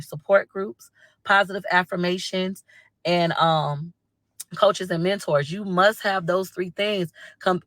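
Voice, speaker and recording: Woman on a phone live, bright sharp voice, dry close sound, cussing and acting out what people said. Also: lowish voice, dry recording. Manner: blunt, profane, animated retelling with acted-out quotes. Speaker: TikTok live streamer. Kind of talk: casual storytelling to live viewers.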